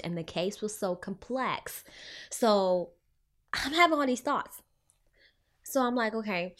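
A young adult woman, a clinician who works with children, telling a personal story to her viewers in a lively, expressive way, her pitch jumping around and her speech full of fillers like "you know". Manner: animated, swinging pitch, filler-heavy retelling.

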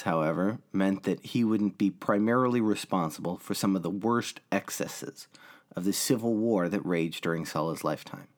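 A man hosting a history podcast, narrating from a script in a deep voice worn by a cold, with a measured, steady delivery. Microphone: home recording edited in a laptop audio program.

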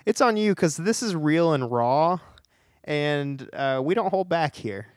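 Playful guy ribbing his cohost, pitch bouncing around a lot, dry close sound. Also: expressive, unhurried, dry recording. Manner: teasing, playful. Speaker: podcast co-host. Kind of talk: casual banter.

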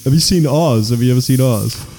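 Deep-voiced northern English man. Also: brisk, warm tone, faint music behind. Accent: northern English, near Yorkshire. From North Lincolnshire, England. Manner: chatty, rambling, laughs often. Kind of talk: casual comedic chat.

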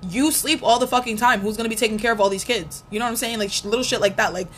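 A woman's voice: fairly high pitch, rapid-fire, fairly bright tone. A young woman in her twenties, candidly recounting a painful first breakup in a casual, profane storytelling way. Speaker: vlogger. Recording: faint background noise.

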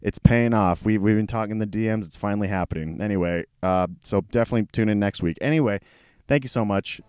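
A man hosting a casual solo podcast, tired and low on energy, rambling with lots of swearing and self-deprecating asides. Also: fast, a little mellow, clear, resonant tone, no echo. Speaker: podcast host. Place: small hot room at home. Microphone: camera mic.

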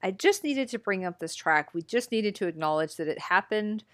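A young woman hosting a podcast, chatty and self-mocking with quick asides. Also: mid-range voice, lively intonation, dry recording, studio quality. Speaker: podcast host. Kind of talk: casual chat.

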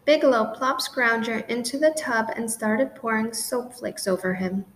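A woman narrating a children's storybook in a gentle, clear reading style. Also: on the high side, moderate pace, a little hiss or hum, low-quality recording.

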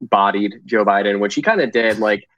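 A man's voice: lowish voice, moderate pace, a bit bright, dry recording, dull audio. A man co-hosting a casual political podcast, rambling with many fillers and crude jokes. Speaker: podcast co-host.

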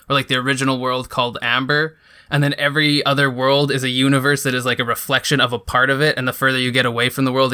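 A man's voice: medium pitch, pushed and bright, clear, resonant tone. A man chatting as a podcast guest, rambling and hesitant, with many fillers. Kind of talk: casual interview chat.

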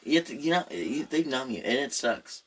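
A man's voice: mid-range voice, sing-song, brisk, fairly bright tone, slightly rough. A man in casual chat with a laid-back manner and short replies. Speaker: co-host.

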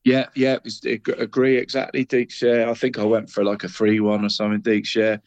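A man's voice: on the low side, completely flat delivery, brisk, darkish tone, lo-fi sound. Chatty man calling everyone mate. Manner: chatty, peppers talk with "mate" and the co-host's name. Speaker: co-host. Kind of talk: casual football chat.

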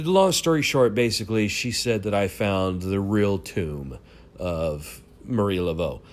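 A man telling a rambling personal story at home, with many fillers and restarts and bursts of excitement. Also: deep voice. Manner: animated, swings up in excited bursts. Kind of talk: casual storytelling. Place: home room.

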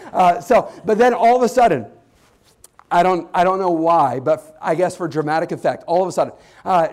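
A young man preaching a sermon as a pastor, telling a story in an animated way with many restarts and fillers. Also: a little high. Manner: animated storytelling, rising to excited shouts.

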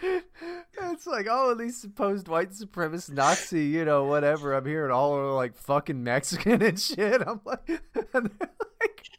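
A man's voice: high-pitched, sing-song, normal speed, fairly bright tone. Rambling, laughing male podcast co-host. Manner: rambling, profane, laughs often. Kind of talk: casual podcast chat.

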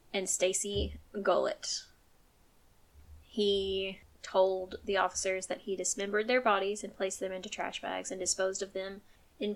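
Sweary, emphatic true crime podcast woman. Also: mid-range voice. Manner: casual storyteller who swears often, gets emphatic when angry; says she uses a firm announcer voice when angry. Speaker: podcast host.

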